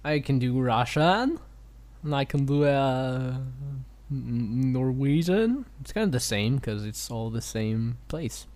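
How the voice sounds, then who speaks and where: A man's voice: mid-range voice, animated, slow, darkish tone, dry recording. A man co-hosting a crude comedy chat, teasing his partner and joking around. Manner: jokey, teasing, jumps into goofy voices. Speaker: co-host.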